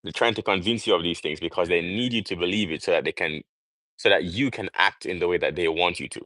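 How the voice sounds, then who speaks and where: A man's voice: sits low, quick pace, bright, forceful tone, no echo, poor audio. Jamaican-born man preaching on a livestream. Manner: preachy, rhetorical questions, emphatic. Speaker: livestream host. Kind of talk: casual livestream monologue.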